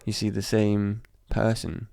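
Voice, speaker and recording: Gravelly laid-back man. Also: fairly low pitch, monotone, measured pace, warm tone, no echo, studio quality. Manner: laid-back, sweary, says mate a lot. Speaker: podcast co-host. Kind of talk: casual chat.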